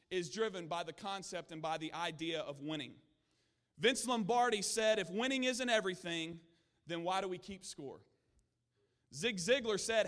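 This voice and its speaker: A man's voice: high-pitched, fairly bright tone, in a large hall. A man preaching a sermon in a church, telling stories earnestly with frequent restarts. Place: church sanctuary.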